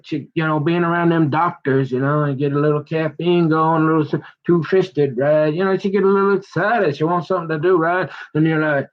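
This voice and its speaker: Rambling man on a dull lo-fi phone recording. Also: on the high side. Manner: rambling, colloquial, jumps between quoted voices. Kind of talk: rambling monologue.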